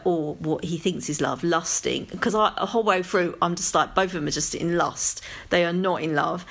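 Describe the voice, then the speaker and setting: London woman, low-pitched, chatty podcast co-host, rambly and lively. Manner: chatty, rambling, animated asides. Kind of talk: casual chat about TV.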